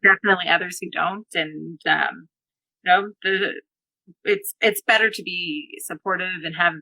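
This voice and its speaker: Bright-voiced encouraging woman guest. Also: on the low side, steady tone, moderate pace, vocal fry, no room sound, low-quality recording. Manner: encouraging, chatty. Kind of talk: casual chat.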